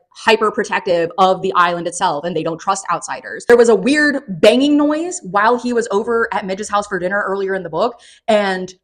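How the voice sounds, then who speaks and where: A woman giving a casual, profane and sarcastic spoken book review, recapping the plot with animated energy. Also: mid-range voice.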